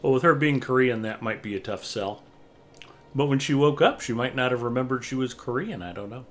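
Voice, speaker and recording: A man's voice: mid-range voice, expressive, brisk, faint music behind. A middle-aged man chats casually as host of a gaming livestream. He tells stories with a dry, joking wit, in an everyday mid-range voice. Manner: joking, wry anecdotal storyteller. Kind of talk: casual chat while gaming.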